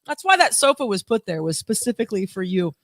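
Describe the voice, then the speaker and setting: A woman's voice: mid-range voice, big pitch swings, quick pace, no room sound. A woman co-hosting a casual live-stream podcast, chatty and talking while she eats. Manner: chatty, talks while eating. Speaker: podcast co-host.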